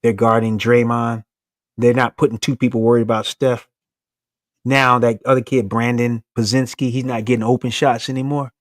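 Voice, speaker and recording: Man, sports talk co-host, playful trash talk, laughing, mid pitch, dry close sound. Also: little pitch movement, normal speed, no echo.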